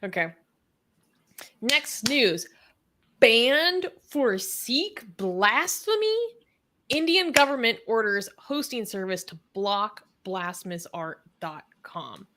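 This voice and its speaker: A woman's voice: a little high, very animated, slow pace, bright, forceful tone, a little hiss or hum. A woman co-hosting a casual news talk show, dry and teasing, then reading headlines.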